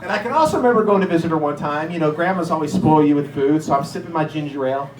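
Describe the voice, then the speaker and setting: A male stand-up comedian with a fairly high voice, telling stories in a loose, conversational, self-deprecating way. He is recorded in a roomy space with a strong echo. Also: racing, some chatter behind. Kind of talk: stand-up routine. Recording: echoey room.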